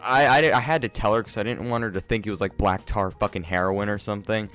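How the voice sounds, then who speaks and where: Laid-back young man, lowish smooth voice. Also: fast talker, fairly bright tone. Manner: laid-back, profane, self-mocking. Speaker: vlogger. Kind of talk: casual storytime vlog. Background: faint instrumental music.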